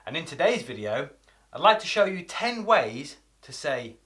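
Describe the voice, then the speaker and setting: A middle-aged British man with a British English accent, teaching an energetic English video lesson and acting out examples with shifting intonation. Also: a little high, normal speed. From Britain. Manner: lively, acts out examples with changing intonation.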